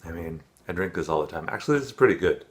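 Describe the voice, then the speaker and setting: A man's voice: low voice, expressive, very fast. A man casually reviewing teas in a chatty, rambling vlog. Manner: rambling, self-deprecating, chatty. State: out of breath.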